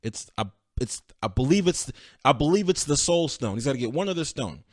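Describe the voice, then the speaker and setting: A man hosting a podcast, telling a movie plot in an excited, animated way and acting out the characters' lines. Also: medium pitch, fairly quick, no room sound, studio quality. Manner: excited, animated storytelling with voiced quotes. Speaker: podcast host. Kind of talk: casual solo movie review.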